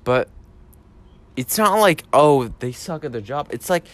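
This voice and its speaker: A man's voice: fairly high pitch, animated, a little slow, fairly bright tone, dry recording. Rambling, profane young man ranting. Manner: meandering, profane ranting with many fillers. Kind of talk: rambling casual monologue. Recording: faint background noise.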